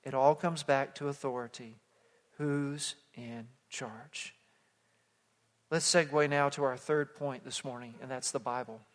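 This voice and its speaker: A man preaching an expository sermon as pastor, moving from hushed passages to loud emphatic calls that the congregation repeats. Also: mid-range voice, steady tone, measured pace. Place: church sanctuary. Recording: long hall reverb.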